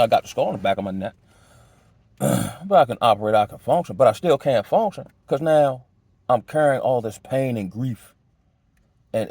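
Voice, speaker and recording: A man giving a casual personal testimony, talking loosely in street slang with many restarts, his pitch jumping high when he gets worked up. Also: a little mellow, no echo. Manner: conversational, loose street slang, many restarts and "you know what I'm saying"; emotional, pitch jumps high when agitated.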